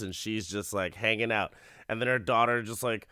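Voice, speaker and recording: Male podcast host, loose and profane amused storytelling, smooth voice, dry close mic. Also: fairly low pitch, fairly even intonation, normal speed, pushed and bright, no room sound. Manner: rambling, profane, amused storytelling with frequent laughs. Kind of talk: casual comedic episode recap.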